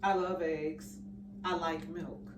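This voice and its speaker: A woman, chatting casually as she cooks in her home kitchen and thinking out loud. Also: low voice, level tone, takes it slowly. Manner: chatty, thinks aloud, drops to a mutter while working. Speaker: home cook vlogger. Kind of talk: casual cooking vlog chat. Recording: noisy kitchen with clattering dishes. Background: clinking dishes and cutlery.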